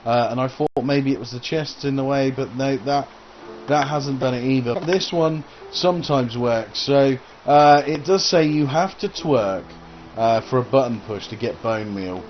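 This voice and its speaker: A man's voice: medium pitch, normal speed, a little hiss or hum. A man giving casual gameplay commentary as a gaming channel host, rambling and hesitant with lots of uh and um. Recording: dull lo-fi recording.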